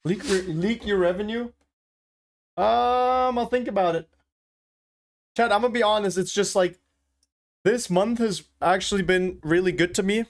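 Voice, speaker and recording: A young man livestreaming, chatting casually with his viewers, swearing freely and thinking out loud. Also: high-pitched, measured pace, pauses often.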